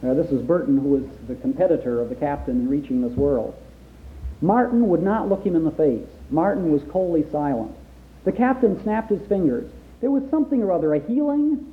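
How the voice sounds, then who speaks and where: A man's voice: a little high, expressive, brisk. A man reading a story aloud to his listeners and stopping now and then to add his own comments. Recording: tinny phone-like sound.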